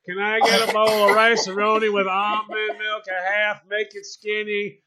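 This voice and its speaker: A man's voice: high voice, level tone, normal speed, heavy background noise. A man co-hosting a comedy talk show, ranting in exasperation and laughing as he goes. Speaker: radio show co-host. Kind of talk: comedic banter.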